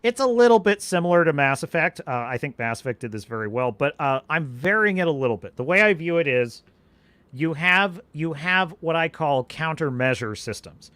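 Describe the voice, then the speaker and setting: Guy hosting a live stream, rambly, answers chat, bright voice that swoops around a lot. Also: on the high side, moderate pace, dry recording. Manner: animated, rambling, restarts sentences. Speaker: podcast host.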